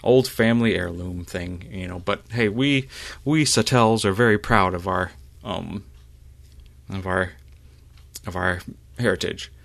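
A man's voice: deep voice, measured pace, creaky, a bit bright, dry recording, full character voice. A man voicing a haughty young female Jedi initiate who boasts and needles. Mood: smug. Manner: snide, boastful.

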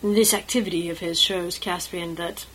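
Woman narrating a story at a measured pace. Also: lowish voice, steady tone, a bit bright, slight background noise, poor audio.

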